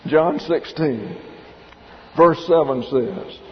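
A pastor preaching verse by verse, stopping to explain the Greek behind the words and telling listeners to note them down. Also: male voice, medium pitch, measured pace. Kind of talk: expository sermon. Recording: dull lo-fi recording in a reverberant hall.

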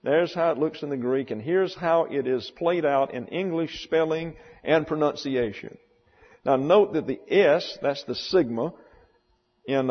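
A man teaching a Bible class, deliberately spelling out and pronouncing terms for his students. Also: medium pitch. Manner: deliberate, spells out words slowly. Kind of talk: classroom lecture. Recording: dull lo-fi sound in a reverberant hall.

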